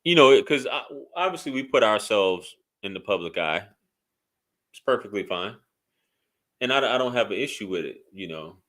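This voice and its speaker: A man's voice: lowish voice, lively intonation, normal speed, fairly bright tone. A man speaking bluntly and profanely in a casual commentary vlog, rambling with frequent restarts. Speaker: YouTube commentator.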